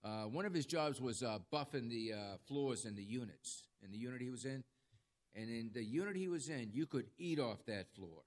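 Jail-ministry preacher, man, mid-pitched, folksy storyteller who keeps asking for amens. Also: animated, normal speed. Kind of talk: conversational sermon.

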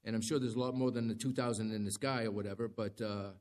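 A man's voice: fairly low pitch, steady tone, fast, a little mellow. A man preaching a sermon in a conversational, dramatic way, with rising emphasis. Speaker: pastor.

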